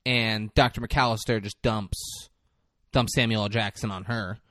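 A man's voice: fairly low pitch, steady tone, a little slow, a bit bright, no room sound, studio quality. A man co-hosting a casual podcast, animatedly retelling a movie scene by scene and swearing freely. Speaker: podcast co-host. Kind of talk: casual movie recap chat.

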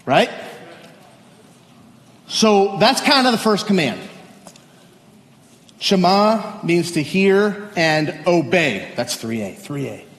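Sermon audio from a church sanctuary: a man pastor, high-pitched and swinging widely in pitch, talks casually with the congregation, then reads scripture slowly and solemnly. Long reverb fills the echoey hall.

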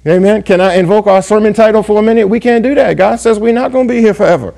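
A man preaching a sermon who reads scripture in old-fashioned wording and keeps checking in with the congregation with "yes?" and "amen?". He slows down to stress key words. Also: high-pitched, gravelly, warm tone. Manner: call-and-response asides, frequent "yes?" and "amen?"; reads scripture aloud in King James wording. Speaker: pastor.

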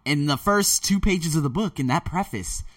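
A man talking in a casual, rambling monologue, excitable and often losing his thread before starting over. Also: on the high side, normal speed. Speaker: podcast host preparing a talk.

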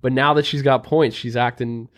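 A young man talks casually on a podcast, wandering through anecdotes with plenty of fillers. His voice sits at an ordinary middle pitch, and his delivery stays loose and conversational. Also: steady tone, moderate pace. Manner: rambling storyteller, lots of "like" fillers. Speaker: podcast co-host. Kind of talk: casual chat.

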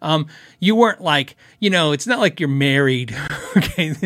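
A man's voice: a little high, lively intonation, normal speed, fairly bright tone, dry recording. Giggly, chatty man with a dry sound. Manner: chatty and giggly, rambling with many restarts. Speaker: show host answering viewer questions. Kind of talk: casual live-stream chat.

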